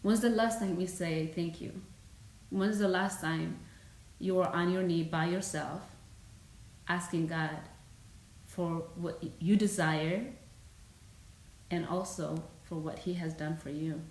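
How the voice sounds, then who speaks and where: An earnest woman from Eritrea shares a personal story in a casual live-stream talk. Her voice sits a little low and rings in a roomy, echoey space. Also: fairly even intonation, slow, pauses often, a little mellow. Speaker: fitness host.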